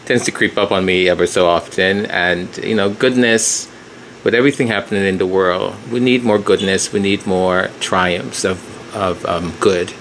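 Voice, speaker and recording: A man hosting his own channel, speaking reflectively and pausing often, close to tears as he talks. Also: sits low, steady tone, fairly bright tone, slight background noise. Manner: slow, reflective, pausing to gather himself. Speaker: channel host. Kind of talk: emotional solo commentary.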